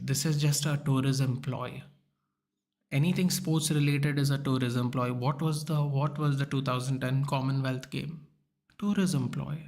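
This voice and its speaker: Creaky-voiced man ranting. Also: mid-range voice. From Goa, India. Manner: frustrated ranting, replying to chat. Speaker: watchalong streamer. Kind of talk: live stream chat.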